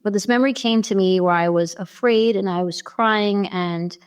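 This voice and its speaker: A woman who is a podcast guest, telling a personal story in an animated way with many fillers. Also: medium pitch, moderate pace, clear, resonant tone. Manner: animated, many fillers, acts out quoted dialogue.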